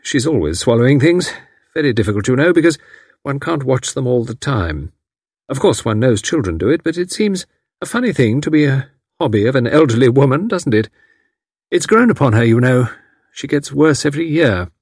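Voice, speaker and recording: A man voicing a calm, competent middle-aged woman who talks cheerfully and comfortably. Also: medium pitch, moderate pace, breathy edge, dry recording, studio quality, pitched above the performer's own voice. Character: calm competent matron of about fifty.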